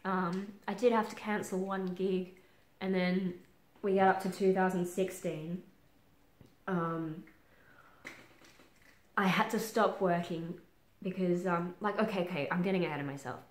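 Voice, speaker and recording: Frank, halting Australian woman, roomy echo. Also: lowish voice, fairly even intonation. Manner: halting and frank, many ums, casual swearing. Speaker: vlogger. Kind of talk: candid personal vlog.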